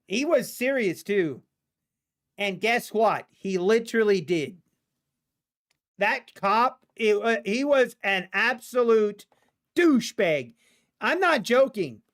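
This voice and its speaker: A man hosting a live trading stream, telling a rambling personal anecdote in a casual, animated way with frequent restarts. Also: high-pitched, a little slow. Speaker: livestream day-trading host.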